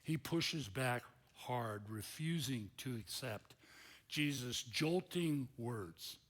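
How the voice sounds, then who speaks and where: A male pastor preaching a sermon in an animated, conversational storytelling manner. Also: medium pitch, takes it slowly.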